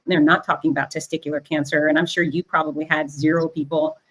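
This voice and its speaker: A woman hosts an interview in a low voice, deep for a woman. She talks candidly and with emphasis. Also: little pitch movement, fast, a bit bright. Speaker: host.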